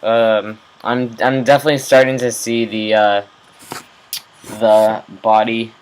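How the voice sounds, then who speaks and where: Young man, relaxed unhurried delivery, casual swearing, diary-style vlog to camera. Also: mid-range voice, smooth, poor audio. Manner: slow, rambling, swears casually. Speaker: vlogger.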